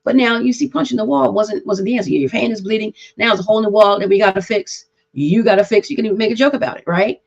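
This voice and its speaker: A woman hosting a live-streamed talk on mental health, walking parents through ideas step by step. She keeps checking in with her listeners as she explains. Her voice sits at an ordinary middle pitch and comes through a muffled, lo-fi stream. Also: quick pace, creaky, few pauses. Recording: dull lo-fi stream audio.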